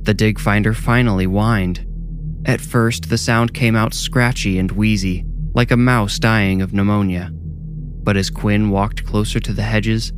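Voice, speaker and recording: A man narrating a scripted horror story in a measured, deliberate way. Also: fairly low pitch, fairly even intonation, noisy background.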